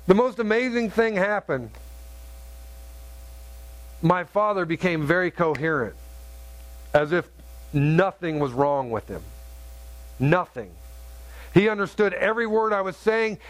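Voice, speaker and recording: A middle-aged man preaching a sermon, telling a story in an earnest, halting way with many restarts. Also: high-pitched, no echo. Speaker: pastor.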